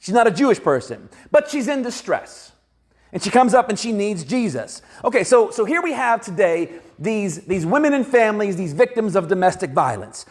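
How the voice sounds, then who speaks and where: A man preaching a sermon in a church, talking in a conversational, animated way and acting out the people he quotes. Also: high-pitched, normal speed. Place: church sanctuary.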